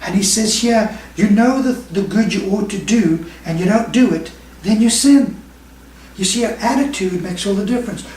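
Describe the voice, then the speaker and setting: A man preaching a sermon as pastor, emphatic, with quick bursts and slow stressed phrases. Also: high-pitched, a little mellow. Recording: echoey room, mic at a distance.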